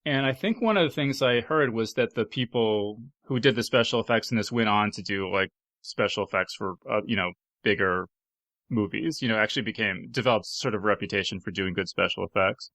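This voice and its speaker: A man's voice: on the low side, a little fast, a bit bright, no room sound. A man hosting a casual panel podcast, chatty and full of fillers, laughing often as he talks. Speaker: podcast host.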